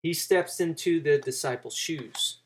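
A man's voice: a little high, a little slow. A man preaching a sermon, walking through a passage and acting out the quoted lines with rising emphasis.

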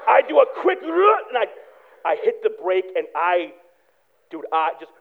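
A man preaching a sermon, telling a personal story with animated swings from hushed prayer to loud excitement. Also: high voice, measured pace, slight background noise. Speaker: pastor. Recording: tinny phone-like sound.

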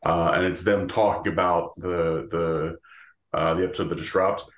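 A man's voice: sits low, steady tone, normal speed, echoey room. A man co-hosting a podcast in casual chat. He rambles, with many fillers and restarts, and laughs often. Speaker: podcast co-host.

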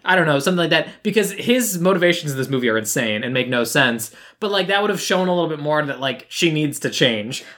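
Low-voiced young woman, quick wry recaps. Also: lively intonation, a bit bright. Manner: quick, wry, recaps scenes with acted-out quotes. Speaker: podcast co-host. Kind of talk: casual chat.

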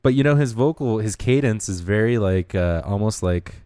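A man's voice: lowish voice, lively intonation, normal speed, warm tone, no room sound, clean studio sound. A man co-hosting a music podcast in casual chat, rambling and hesitant, searching for his words. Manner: hesitant, rambling, full of fillers. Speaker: podcast co-host.

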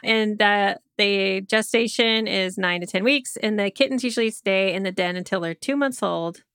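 A woman's voice: mid-range voice, normal speed, a bit bright, clear, resonant tone, dry recording, studio quality. A woman from Oklahoma co-hosting a casual podcast chat, reading facts from notes with chatty asides. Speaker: podcast co-host.

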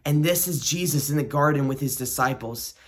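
A man's voice: on the high side, brisk, breathy edge. A man hosting a devotional podcast, praying and reading scripture in a reflective, earnest way and repeating key phrases. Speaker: podcast host.

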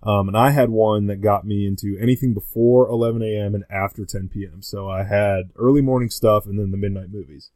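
Low voiced guy rambling on a podcast, lots of ums, dry sound. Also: steady tone, brisk, hardly any pauses, a little mellow, dry recording. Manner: rambling, full of fillers and restarts. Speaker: podcast guest. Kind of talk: casual chat.

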